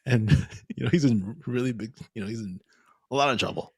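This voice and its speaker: A young man co-hosting a podcast, telling a story in animated casual chat and laughing often. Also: medium pitch, moderate pace, long pauses, slightly rough, no echo, clean studio sound. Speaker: podcast co-host.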